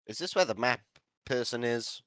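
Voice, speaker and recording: A man's voice: mid-range voice, lively intonation, normal speed, fairly bright tone, no room sound. A man playing a tabletop game, talking casually and offhand. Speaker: player.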